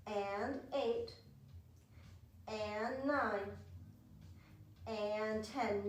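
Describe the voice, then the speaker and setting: A woman leads a home pilates session, calmly counting and calling out breaths. Her voice sits slightly high. The mic is set well back in a strongly echoing room with faint background noise. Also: recorded from a distance. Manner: counting reps and cueing breaths, encouraging. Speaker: pilates instructor. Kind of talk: guided exercise class.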